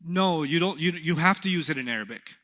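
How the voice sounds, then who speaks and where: Bright animated man teaching a class. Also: on the high side, brisk. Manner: animated, playful, asks the class questions. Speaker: Arabic teacher. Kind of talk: classroom lecture. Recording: long hall reverb.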